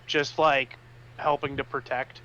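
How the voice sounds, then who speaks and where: A man's voice: mid-range voice, flat delivery, unhurried, sharp tone. Man on a dull, lo-fi mic. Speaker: player. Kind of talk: tabletop game chat.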